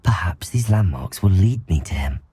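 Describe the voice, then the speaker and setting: Young wizard hero calling spells. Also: male voice, deep voice, animated, moderate pace, a little hiss or hum. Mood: musing. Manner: firm spell-casting calls. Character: young male wizard student hero, game protagonist. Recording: game audio with loud music.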